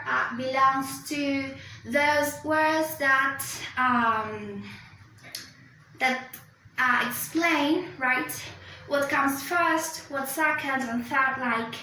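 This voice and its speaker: Hesitant young woman explaining slowly, echoey room. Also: high-pitched, fairly even intonation, sharp tone, a little hiss or hum. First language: Spanish. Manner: hesitant, many fillers, explaining step by step. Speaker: student presenter. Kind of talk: recorded class presentation. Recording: echoey room, distant mic.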